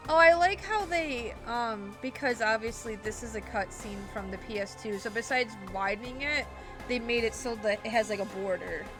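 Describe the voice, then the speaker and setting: A woman's voice: fairly high pitch, normal speed, over music. Giggly young woman streaming a game. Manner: giggly, chatty, reads chat aloud. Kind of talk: casual gaming stream chat.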